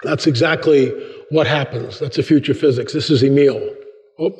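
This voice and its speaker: A man giving a humorous church talk as a guest speaker, acting out quotes with big jumps in his voice. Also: normal speed. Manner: animated, acts out quotes with big pitch jumps. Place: large church hall. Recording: long hall reverb, dull sound.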